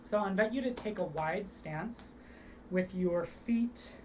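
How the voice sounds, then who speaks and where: A young woman teaching an online theatre workshop, leading vocal and body warm-ups with upbeat encouragement. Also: medium pitch, measured pace, slight background noise. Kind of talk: online acting workshop instruction.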